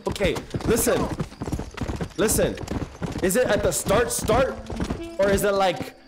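A man live-streaming a video game, reacting loudly and chatting with his viewers in slangy, excitable bursts. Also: sits high, unhurried, noisy background. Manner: excitable, loud outbursts, slangy, talks to chat. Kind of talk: casual live-stream commentary.

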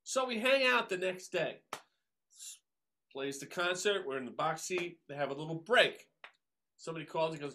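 A man, a drummer telling stories as a guest, animated and acting out the voices of people he quotes. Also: on the high side, brisk, slight background noise. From Long Island, New York. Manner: animated, acts out quoted voices, many fillers. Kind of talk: casual storytelling interview.

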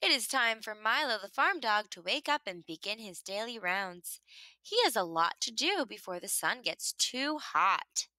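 A woman reading a children's picture book aloud in an expressive storytelling manner, making the animal sounds herself. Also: on the high side, unhurried, no room sound.

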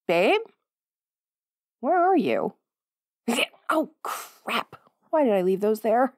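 A woman's voice: a little high, animated, moderate pace, pauses often, no room sound, clean studio sound. A young woman in a whispered role-play as a playful, teasing girlfriend who is bossy but affectionate and laughs often.

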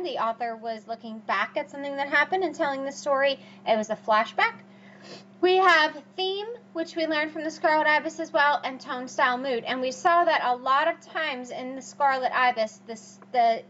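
A high-pitched woman teacher talks through her slides, hammering key points with repeated rhetorical questions. The recording is dull and lo-fi, with a faint hum underneath. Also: a bit bright. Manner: repetitive, emphatic, asks rhetorical questions. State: has the hiccups. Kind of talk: recorded classroom lecture over slides.

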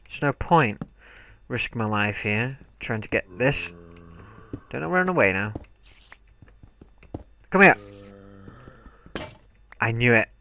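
Jumpy young gamer, bright voice. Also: male voice, medium pitch, animated, slow pace, pauses often, slight background noise. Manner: jumpy, talks to himself, yelps when startled. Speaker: gaming commentator. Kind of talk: let's play commentary.

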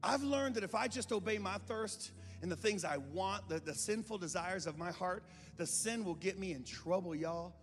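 A man pastor preaching a sermon in a church, moving from calm talk to impassioned shouting, with joking asides. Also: high-pitched, normal speed, few pauses. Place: church sanctuary. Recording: reverberant hall with music behind.

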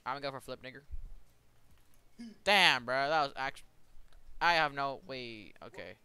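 An excitable young man talking over a game with his friend, his voice bright and crisp and swinging up and down in pitch. He swears freely and reacts loudly to every play. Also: unhurried, no echo. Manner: excitable, swears a lot, bursts out laughing. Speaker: gamer streaming with a friend. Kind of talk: casual gaming chat.

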